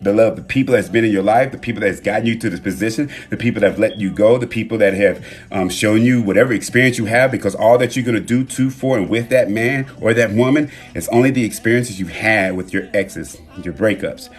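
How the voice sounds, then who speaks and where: A man hosting a live stream from his phone, talking in a relaxed, reflective way with loose slang and pausing to read viewer comments. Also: fairly low pitch, breathy edge, faint music behind. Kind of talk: casual live-stream talk. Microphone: phone mic.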